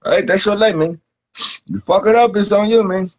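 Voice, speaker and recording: A man's voice: high voice, fairly quick, darkish tone. A man delivering a rambling, profane comic monologue, saying "man" at the end of nearly every line. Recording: dull lo-fi recording.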